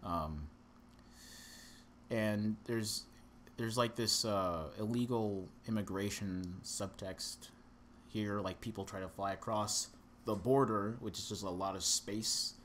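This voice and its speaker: Reviewing a movie on a laid-back podcast, this young co-host rambles sarcastically through the plot and leans heavily on filler words. He has a fairly low, fairly bright voice, takes his time, and there's slight background noise.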